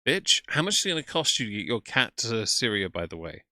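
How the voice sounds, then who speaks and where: A man's voice: fairly low pitch, very animated, brisk, sharp tone, dry recording, clean studio sound. A man streaming live reaction commentary in a sarcastic, mocking way.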